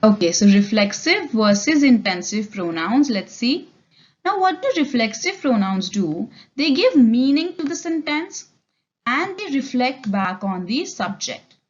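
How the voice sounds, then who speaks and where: A woman's voice: on the high side, sing-song, measured pace, lo-fi sound. A woman with an Indian English accent giving a classroom lecture on English grammar, explaining patiently and switching between Hindi and English mid-sentence. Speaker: English olympiad teacher.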